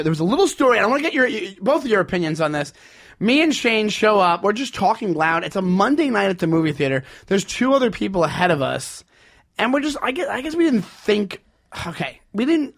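A man co-hosting a podcast in casual chat, telling stories with lively acted-out quotes. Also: sits high, fast, vocal fry. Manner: animated storyteller, acts out quotes loudly. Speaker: podcast co-host.

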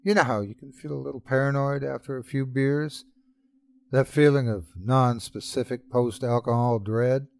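A man's voice: mid-range voice, steady tone, moderate pace, vocal fry, no echo. A man hosting and narrating a horror story in a scripted, dramatic storytelling way. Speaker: host and narrator.

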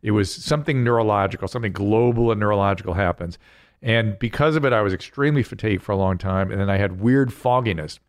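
An older man hosts a podcast in casual chat, rambling and often cutting himself off mid-sentence. His voice is fairly low and he talks at a quick pace.

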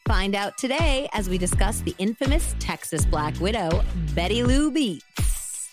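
A woman's voice: mid-range voice, expressive, a little slow, over music. A woman co-hosting a true crime podcast, telling the story with dramatic flair and joking between segments. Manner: dramatic storytelling, playful banter.

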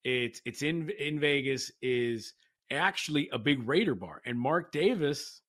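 A man co-hosting a sports betting show, excitable and telling stories. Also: medium pitch, unhurried. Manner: excitable, storytelling. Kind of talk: casual sports talk.

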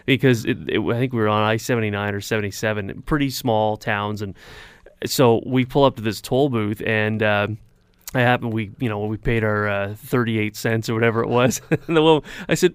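A man's voice: lowish voice, steady tone, a little fast, smooth, no echo. A man on a radio talk show, telling rambling stories with lots of fillers, chatting with the host in the studio. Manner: rambling, anecdotal, many fillers. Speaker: radio weather announcer, show regular. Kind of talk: casual radio talk, storytelling.

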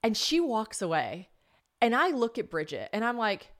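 A young woman hosting a podcast, telling a story in an animated, chatty way, full of "like" and swearing, acting out the voices of others. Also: mid-range voice, moderate pace. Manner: animated, swearing, lots of "like", acts out quoted voices. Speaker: podcast host. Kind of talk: casual storytelling monologue.

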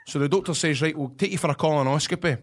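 A man's voice: a little high, rapid-fire, background noise. A Scottish man in his thirties, co-hosting a casual chat, telling stories with swearing and teasing. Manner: storytelling, swearing, teasing and laughing. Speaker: podcast co-host.

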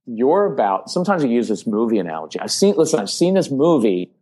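A male parenting guest on a casual podcast speaks at a medium pitch, quickly, in a husky voice. He's animated, acting out sample lines a parent might say to kids.

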